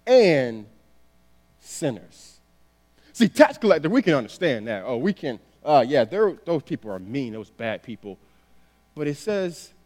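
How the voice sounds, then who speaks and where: A man preaching a sermon in a relaxed, conversational storytelling way, often saying "you know". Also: sits high. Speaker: pastor. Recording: long hall reverb.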